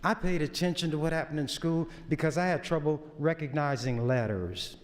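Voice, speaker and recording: A state senator gives a folksy, lecturing floor speech in a large legislative chamber, with the room's long reverb on the recording. His voice is on the high side and a little fast.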